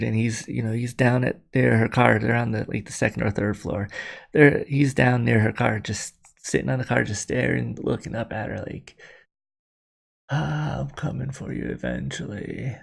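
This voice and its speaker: A man telling a spooky story to camera in a casual, rambling, conversational way. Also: mid-range voice. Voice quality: gravelly.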